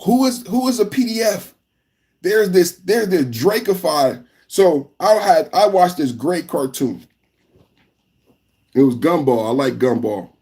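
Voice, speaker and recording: A podcast host from California, giving live reaction commentary in an emphatic, repetitive rant. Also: male voice, high-pitched, lively intonation, unhurried, darkish tone.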